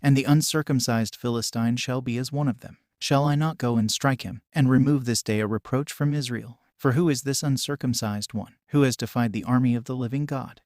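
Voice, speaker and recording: A man reading the part of the young shepherd David, brave and devout, in a plain even way. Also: medium pitch, no room sound, clean studio sound, close to an everyday voice.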